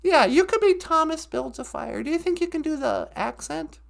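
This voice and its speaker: A woman's voice: sits high, lively intonation, moderate pace, creaky. A woman co-hosting a comedy podcast, bantering in a sarcastic, joking way. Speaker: podcast co-host.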